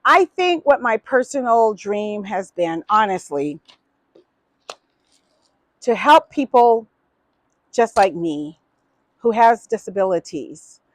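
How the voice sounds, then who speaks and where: A woman's voice: mid-range voice, no echo. A woman in her fifties, hosting a small talk show and telling her own story earnestly, with many fillers and restarts. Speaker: host answering audience questions.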